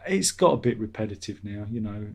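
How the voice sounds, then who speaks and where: Husky man, rambling vlog chatter, loose and profane. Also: on the low side, lively intonation, fairly quick. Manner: chatty, meandering, swears casually. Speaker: vlogger, channel host. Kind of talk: rambling casual chat.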